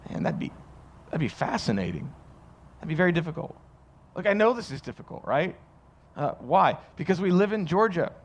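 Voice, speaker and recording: A man's voice: on the high side, sing-song, normal speed. A man preaching a sermon as pastor, conversational and joking, acting out quoted voices. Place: church.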